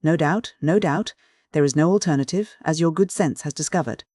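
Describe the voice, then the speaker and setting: A man's voice: on the high side, moderate pace, darkish tone, no room sound, lightly acted. Man voicing a suave old church dean, soothing, evasive, dry close voice. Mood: smooth. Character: prudent smooth-spoken older male church dean.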